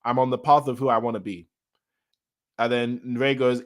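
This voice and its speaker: Hosting a manga reaction, a man reads lines from a comic chapter and then responds in casual talk, often repeating himself with excitement. His voice is medium-pitched at a normal speed.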